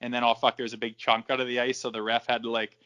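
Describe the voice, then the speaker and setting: Brief: man, 30s, podcast guest spinning foul-mouthed hockey yarns, flat level delivery. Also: medium pitch, fast talker, smooth, muffled recording. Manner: swears freely, acts out quoted dialogue. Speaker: guest, former hockey enforcer. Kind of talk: casual storytelling in a podcast interview.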